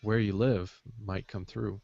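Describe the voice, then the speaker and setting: A man's voice: on the low side, steady tone, a little slow, creaky, mellow. A man co-hosting a casual podcast chat, rambling with frequent fillers, heard over muffled call audio. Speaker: podcast co-host.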